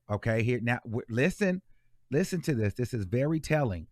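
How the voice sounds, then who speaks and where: A man's voice: medium pitch, lively intonation, moderate pace, a little mellow, dry recording, studio quality. A man hosting casual celebrity gossip commentary, chatty and full of fillers as he scrolls through posts.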